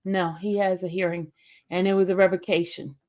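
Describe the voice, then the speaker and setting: A woman hosting a casual livestream, talking haltingly with many fillers and restarts. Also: fairly low pitch. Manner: gushing and excited when greeting a viewer. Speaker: YouTube livestream host.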